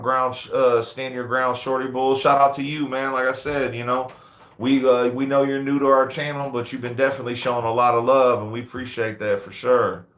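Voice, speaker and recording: This laid-back man in his thirties hosts a casual live chat indoors under big lights, sprinkling in "man" and "you know what I mean." He's a livestream host and dog breeder, and his mid-range voice has a fairly bright tone with noticeable reverb.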